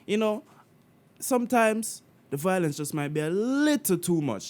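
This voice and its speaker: A man from Jamaica hosting a casual music reaction video. He is animated and slangy, with frequent swearing and laughter. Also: high voice, a little slow, very noisy. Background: the reacted song playing faintly.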